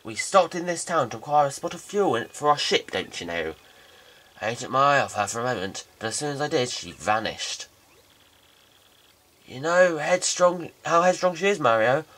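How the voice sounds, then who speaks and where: A man doing a pompous, stuffy old-fashioned gentleman who talks slowly and formally, in a game let's play. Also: a little high, expressive. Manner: pompous, slow, drawn-out speech.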